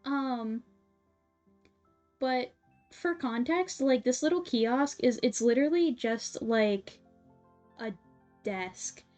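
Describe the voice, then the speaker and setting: A woman streamer casually telling a story to her chat, animated and full of fillers, with little laughs. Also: on the high side, slow pace, long pauses. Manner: animated, filler-heavy, giggly. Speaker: livestream host. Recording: slightly dull sound, faint music behind.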